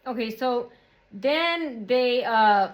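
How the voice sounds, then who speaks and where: A woman with a high voice tells her own story to camera in a loose, rambling monologue. She repeats phrases and loops back to earlier points as she goes. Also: lively intonation, extremely slow. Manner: rambling and repetitive, circling back often. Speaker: vlogger.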